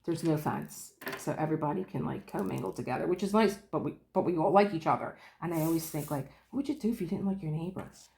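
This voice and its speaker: A woman's voice: low-pitched, fast talker, gravelly, warm tone, a little hiss or hum. A woman vlogging at home about her craft, chatting casually, acting out quoted dialogue and laughing often. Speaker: diamond painting vlogger. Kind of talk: casual storytelling chat. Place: room at home. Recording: roomy home room echo.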